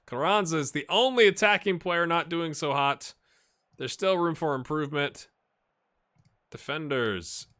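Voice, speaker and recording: A man giving excitable, jokey play-by-play commentary on his football management game, with bursts of shouting at goals. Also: fairly high pitch, normal speed. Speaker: gaming YouTuber.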